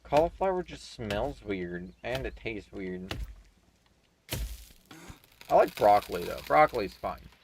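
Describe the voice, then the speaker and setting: A man's voice: fairly low pitch, very animated, unhurried, long pauses, background noise. A man streaming a game, chatting in a laid-back, offhand way and swearing casually. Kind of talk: casual chat while gaming.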